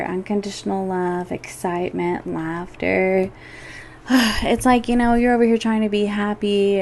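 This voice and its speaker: A woman's voice: medium pitch, creaky, darkish tone, a little hiss or hum. A woman giving a casual monthly tarot reading. She talks to the listener directly and fills her speech with "like" and "you know". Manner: chatty, filler-heavy, addresses the listener directly. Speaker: tarot reader.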